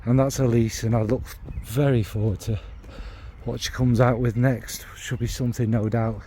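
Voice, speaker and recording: A man with a Northern English accent talks in an easygoing, meandering way, groping for the right words as he goes. His voice is warm and mellow at a middle pitch, with a faint hiss of noise under it. He is blunt and drops the odd swear word. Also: level tone, moderate pace. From Northern England. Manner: meandering, searching for descriptive words. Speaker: fragrance reviewer. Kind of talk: casual spoken review.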